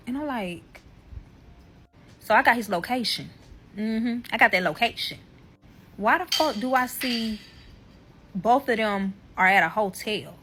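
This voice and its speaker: A woman's voice: on the high side, sharp tone. A young mother telling a heated, profane storytime to her viewers, acting out both sides of the arguments. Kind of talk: casual storytime monologue.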